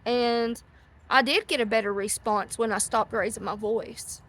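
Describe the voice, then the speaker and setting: A middle-aged woman, speaking at a measured pace in a slightly high, fairly bright voice with a steady tone, hosts a casual chat outdoors for a live audience. She rambles and gets sidetracked as ducks quack in the background.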